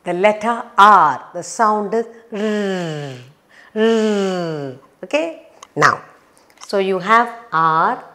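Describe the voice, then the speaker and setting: A woman leads a children's phonics lesson at a slow, patient pace, stretching each word out. Her voice sits in a mid range, and she turns sing-song and playful when she acts out sounds for little learners. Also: medium pitch, expressive, bright, forceful tone. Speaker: phonics teacher.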